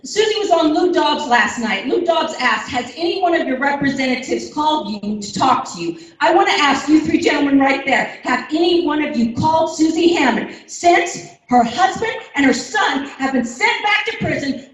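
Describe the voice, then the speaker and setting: A woman's voice: high voice, animated, moderate pace, hardly any pauses. A woman giving an impassioned, indignant public comment at a town meeting. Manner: fervent, indignant, rising to shouts. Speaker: resident speaking at a public meeting. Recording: echoey hall from a distance.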